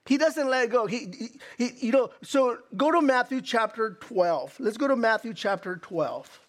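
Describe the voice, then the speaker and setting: High-voiced, stammering male preacher. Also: normal speed. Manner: animated, stammering restarts, rhetorical questions. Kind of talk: sermon.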